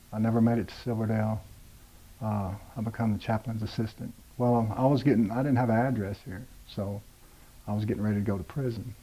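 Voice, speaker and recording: Blunt forties man giving personal testimony, low, dark voice, level and unshowy. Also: rough recording. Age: 40s. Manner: plain-spoken, blunt, many "uh" and "you know". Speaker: rehab program graduate telling his story.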